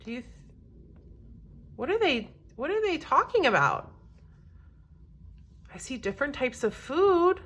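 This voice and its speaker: Reading a picture book to a group of kids, this high-voiced woman teacher pauses to pose questions, her delivery warm, lively, and encouraging.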